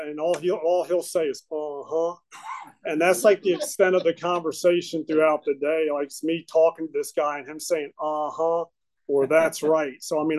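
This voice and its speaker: A man sharing his recovery story at a meeting, talking haltingly with many fillers and restarts. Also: a little high, a little mellow, low-quality recording. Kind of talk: personal testimony at a recovery meeting.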